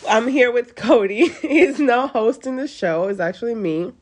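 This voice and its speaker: A woman's voice: fairly high pitch, lively intonation, measured pace, a little mellow. Giggly chatty woman podcast host. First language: Spanish. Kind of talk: casual podcast chat.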